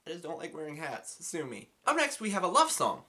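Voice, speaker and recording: A man's voice: a little high, wildly swooping pitch, a little fast, pushed and bright. A man casually reviewing an album, enthusiastic and swearing freely. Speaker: music reviewer.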